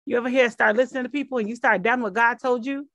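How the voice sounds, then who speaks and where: A woman teaching a class, lively and interactive, calling out to her listeners and voicing people's doubts. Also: a little high, very fast, no echo. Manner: lively, call-and-response, quotes people's inner voices. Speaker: Bible study teacher.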